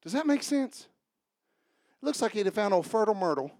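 A man preaching a sermon at a church service, calling out to the congregation and swinging between loud shouts and hushed asides. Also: high voice, sing-song, a little fast, no room sound.

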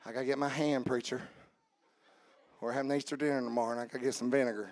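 A man preaching an Easter sermon in church, joking quietly with the congregation and then building to loud, drawn-out preaching. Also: mid-range voice, fairly even intonation.

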